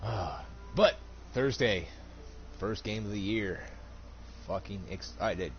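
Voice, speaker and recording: A man's voice: on the low side, takes it slowly, highs cut off, soft background music. A young man, a store cashier, casually telling a heated, profane story with laughs while gaming.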